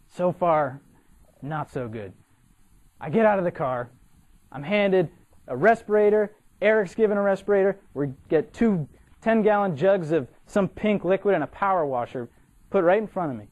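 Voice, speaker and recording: A young man from Massachusetts, a cadet, giving an animated, humorous storytelling speech for a competition and acting out the people in his story. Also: sits high, moderate pace, lo-fi sound. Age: young adult.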